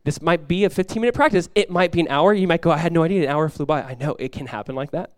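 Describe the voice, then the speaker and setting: A male pastor preaching in a conversational sermon style, dropping to a hushed voice when acting out prayers. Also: on the high side, rapid-fire, no echo, studio quality.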